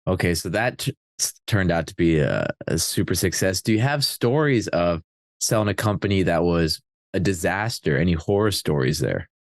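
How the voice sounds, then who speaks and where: A man hosting a podcast, asking interview questions in a halting way with frequent restarts. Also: low-pitched, expressive, no room sound, clean studio sound. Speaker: podcast host.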